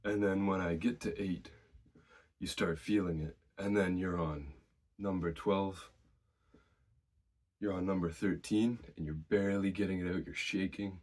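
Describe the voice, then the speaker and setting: Very low-voiced man giving gym advice. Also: a little slow. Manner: relaxed, conversational, shares personal experience. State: slightly out of breath. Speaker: fitness vlogger. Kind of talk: casual advice to camera.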